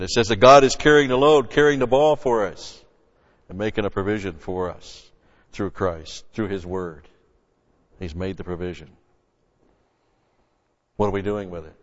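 Emphatic low-voiced male preacher, lo-fi hall. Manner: emphatic, swings between loud stresses and quiet asides. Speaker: pastor. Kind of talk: expository sermon. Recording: lo-fi recording with long hall reverb.

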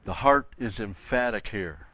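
A man's voice: fairly low pitch, animated, normal speed, sharp tone, husky, dry recording. An older man teaching a Bible lesson in a sermon, stressing key words and repeating phrases for emphasis. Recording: dull lo-fi sound.

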